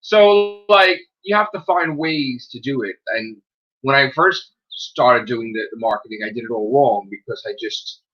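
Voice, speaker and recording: A man's voice: mid-range voice, measured pace, dull audio. A man, a self-published author, chatting casually on a livestream, swearing and acting out what people said. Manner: animated storyteller, swearing, acting out dialogue.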